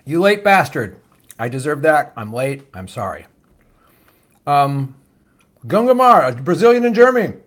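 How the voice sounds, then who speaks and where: A man's voice: fairly high pitch, sing-song, a little slow, long pauses. A man hosting a live-stream show, reading viewer comments and questions in a loose, joking, profane way. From United States. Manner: loose, jokey and profane, with many fillers and trailing asides. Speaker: host of a political show.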